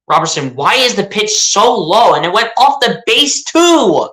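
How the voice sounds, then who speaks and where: A young man giving casual fan play-by-play of a baseball game, excitable and pleading with the players. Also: sits high, unhurried, few pauses. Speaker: fan streaming live play-by-play.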